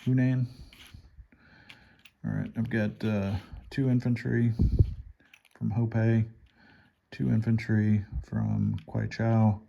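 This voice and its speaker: A man playing a board game at home, calmly talking through his turn and counting his units and money aloud. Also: fairly low pitch, slow pace, creaky, pauses often, highs cut off, background noise. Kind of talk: casual solo board game playthrough.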